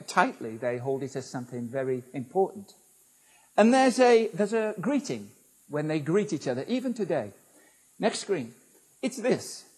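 Emphatic preaching man, fairly high voice. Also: darkish tone. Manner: emphatic, repeats key words, addresses congregation directly. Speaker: pastor. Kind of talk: sermon.

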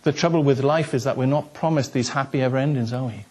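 Husky pastor telling a story. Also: male voice, medium pitch, fast talker. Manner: animated storyteller, acts out dialogue, rising to comic excitement. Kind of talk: storytelling sermon.

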